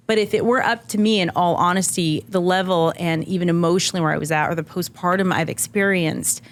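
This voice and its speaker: A woman's voice: on the low side, fairly even intonation, brisk. A middle-aged woman telling a personal story on a podcast, earnest and emotional, often saying "like". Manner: earnest and emotional, heavy use of "like". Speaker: podcast guest. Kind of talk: candid conversational storytelling.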